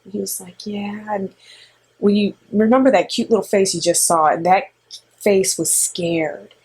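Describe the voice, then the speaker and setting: A middle-aged woman co-hosting with her son, telling a story in a rambling, animated way with lots of fillers. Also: mid-range voice, moderate pace, slightly rough. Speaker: co-host and mother. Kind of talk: casual storytelling.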